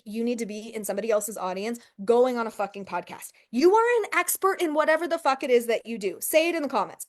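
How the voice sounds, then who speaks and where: A woman's voice: on the high side, animated, fast, few pauses. A woman giving an emphatic motivational coaching talk, swearing freely and speaking straight to her viewers with rhetorical questions. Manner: rhetorical questions and frequent "okay" and "right". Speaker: business coach.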